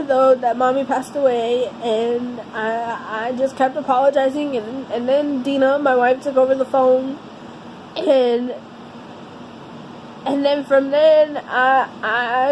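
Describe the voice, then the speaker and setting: High-pitched woman doing a storytime vlog, somber and halting, keeps restarting lines, faint noise behind. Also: darkish tone, low-quality recording. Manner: halting and earnest, with many restarts; somber, heavy-hearted telling. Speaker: vlogger.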